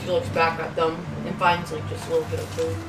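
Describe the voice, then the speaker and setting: A woman's voice: low-pitched, monotone, fast talker. A woman running a tabletop game as game master, laughing and rambling, recorded from a distance in an echoey room with music behind.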